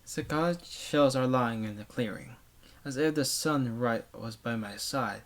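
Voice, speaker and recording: A man's voice: mid-range voice, unhurried. A man reading a visual novel aloud for a let's play, stumbling over words and breaking off for wry, offhand comments.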